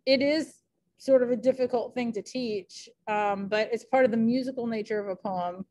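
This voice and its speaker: A woman's voice: medium pitch, darkish tone. A woman teacher giving a casual recorded lecture, chatty and thinking aloud with many fillers.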